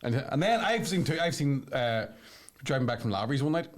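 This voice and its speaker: A man's voice: mid-range voice, expressive, brisk. A man with a Northern Irish accent, co-hosting a comic podcast and telling rambling, crude stories. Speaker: podcast co-host.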